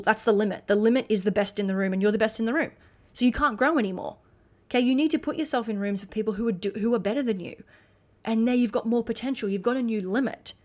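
A woman giving a blunt motivational monologue as a podcast host, swearing freely and restarting sentences. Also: mid-range voice. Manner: acts out quoted voices in animated bursts.

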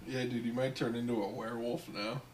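A man's voice: mid-range voice, level tone, fairly quick. A man co-hosting a casual podcast, teasing and needling his friend with short jokes. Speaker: podcast co-host.

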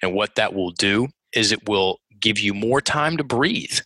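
Podcast guest, male, bright and forceful tone, dry close sound, lively explainer who stumbles and restarts. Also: fairly low pitch, measured pace, no room sound, poor audio. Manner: animated, acts out quoted voices, many restarts. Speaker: guest coach. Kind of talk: conversational podcast interview.

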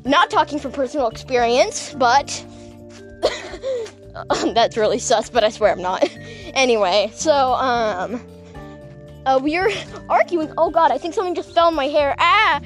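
Giggly high-voiced young woman rambling. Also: expressive, unhurried, long pauses, soft background music. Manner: giggly, rambling, self-mocking. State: voice cracking, dehydrated. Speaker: podcast host. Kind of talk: casual rambling chat.

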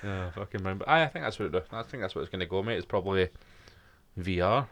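A man's voice: low-pitched, lively intonation, quick pace, a bit bright. A man with a Scottish accent, co-hosting a podcast in laid-back, sweary casual chat. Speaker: podcast co-host.

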